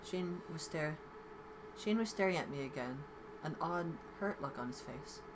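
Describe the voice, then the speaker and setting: A woman's voice: deep voice, animated, normal speed, noisy background. A woman hosting a let's play, reading a visual novel aloud with playful commentary and small stumbles. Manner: playful, reads with occasional stumbles.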